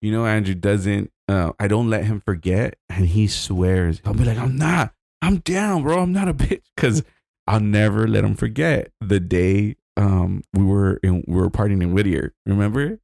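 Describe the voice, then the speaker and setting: A man's voice: on the low side, steady tone, normal speed, creaky, darkish tone, dry recording, studio quality. A man co-hosting a podcast, bantering and teasing with a lot of swearing. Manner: profane, teasing. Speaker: podcast co-host. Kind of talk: casual banter.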